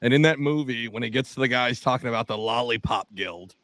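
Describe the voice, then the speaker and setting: A man with a gravelly voice, co-hosting a podcast in casual, joking banter. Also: medium pitch, brisk, fairly bright tone, no echo. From South Jersey. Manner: joking, teasing. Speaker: podcast co-host.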